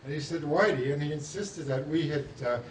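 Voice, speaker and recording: A man's voice: on the high side, steady tone, brisk, a little mellow, a little hiss or hum. A man in the audience telling an anecdote in a hesitant, amused way. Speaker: audience member. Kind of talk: casual anecdote. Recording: distant roomy audience mic.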